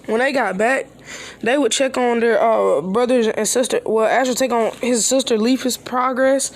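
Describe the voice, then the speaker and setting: A woman with a slightly high voice narrates a made-up fan story as she thinks of it. She rambles, restarts sentences and reads every character's lines in her own voice. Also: fairly even intonation, normal speed. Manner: rambling, with restarts and quoted dialogue. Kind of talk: improvised retelling of a fan story.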